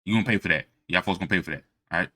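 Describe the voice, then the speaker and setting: A man's voice: deep voice, rapid-fire, sharp tone. A man giving a casual lecture on religious history from notes, informal and emphatic, constantly checking in with his listeners. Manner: informal and emphatic, keeps checking "all right?".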